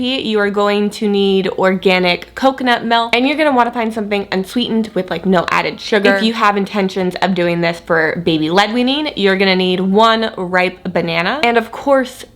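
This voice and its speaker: A woman's voice: mid-range voice, fairly bright tone. A woman vlogging casually from her home kitchen, chatty and a little rambling, with a slight lisp. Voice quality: slight lisp from dental aligners. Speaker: lifestyle vlogger and single mom. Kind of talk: casual vlog narration.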